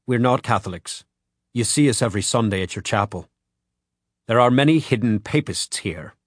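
A man reading an audiobook, voicing a quiet, guarded Irish father who speaks low and tersely. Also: animated, moderate pace, no echo, studio quality, lightly acted. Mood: firm.

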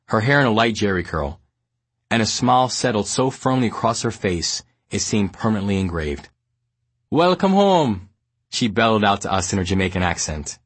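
A man from New York narrates his own memoir with a low, slightly husky voice. His reading is measured and steady, recorded close and dry with no room sound. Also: dry recording. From New York, United States.

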